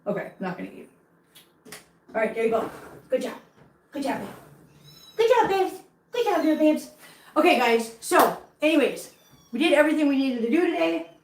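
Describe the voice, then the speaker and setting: A woman with a fairly high voice talks to her kittens in gentle, cooing baby talk, then turns to chat casually with her viewers. She is in a reverberant room at home. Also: animated, a little fast, long pauses, a little hiss or hum. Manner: coos baby talk to kittens between chatty asides to viewers. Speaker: cat channel vlogger.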